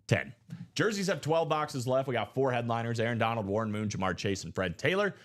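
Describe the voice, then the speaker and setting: A man's voice: mid-range voice, big pitch swings. Male host, live-stream seller, chatty hype, reels off lists. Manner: rapid listing, hyped and chatty. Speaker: live sports card break host. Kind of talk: live-stream sales patter.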